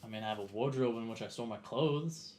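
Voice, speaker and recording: Male player in a tabletop game, guarded and measured in-character delivery. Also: medium pitch, a little mellow, slight background noise.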